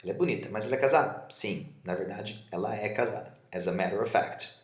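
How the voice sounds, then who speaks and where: A man's voice: on the low side, fast talker, echoey room. A man whose first language is Portuguese, teaching English vocabulary, reading example dialogues aloud and explaining them. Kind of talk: vocabulary lesson.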